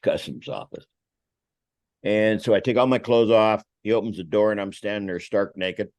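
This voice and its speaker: An older man, a vineyard owner and podcast guest, telling an animated, profane anecdote and acting out the other people's voices. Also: lowish voice, moderate pace, no room sound. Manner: animated, acts out voices, swears freely.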